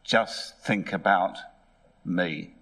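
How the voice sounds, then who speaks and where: A man's voice: low voice, drawn-out words, fairly bright tone, voice pushed down, heavily acted. A male preacher acting out a glum, worried young man torn over his troubles. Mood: troubled. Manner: glum, pleading.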